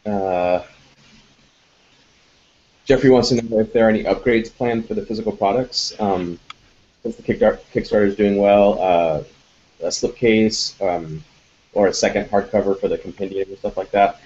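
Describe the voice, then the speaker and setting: A game designer in a casual live Q&A, answering audience questions with many ums and restarts. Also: male voice, on the low side, fairly even intonation, normal speed, long pauses, darkish tone, muffled recording.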